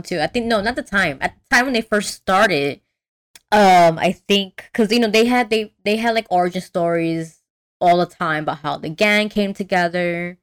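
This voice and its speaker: A young woman chatting casually as a podcast co-host, rambling with lots of fillers and restarts. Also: lowish voice. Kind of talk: casual chat.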